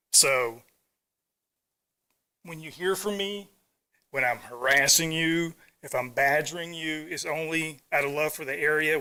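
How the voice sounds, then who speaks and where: A middle-aged man giving an earnest, halting public comment at a council meeting, fighting back emotion. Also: a little high, pushed and bright. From Virginia Beach area, US.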